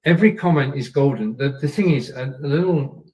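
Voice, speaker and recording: A man hosts a live stream and coaches his viewers in a chatty, repetitive way, dropping in "yeah" and "okay" as he goes. His voice sits at an ordinary pitch and sounds a little distant from the microphone. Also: brisk, a little mellow. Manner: chatty, repeats points, checks in with "yeah" and "okay". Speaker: live show host. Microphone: camera and microphone.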